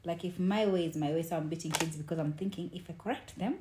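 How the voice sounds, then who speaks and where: A woman's voice: lowish voice, quick pace, darkish tone, slight background noise. A woman guest on a podcast, explaining her point in reflective casual chat.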